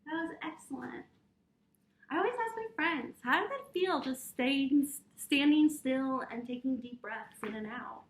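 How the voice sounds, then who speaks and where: A young adult woman with a high voice, teaching children in a gentle, encouraging way. She talks straight to her young listeners, leading them through slow breathing exercises. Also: animated. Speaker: preschool teacher.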